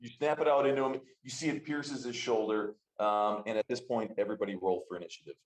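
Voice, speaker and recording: A man's voice: fairly low pitch, fairly even intonation, fast. A man narrating a tabletop game as game master, loose and prone to repeating himself. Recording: roomy echo.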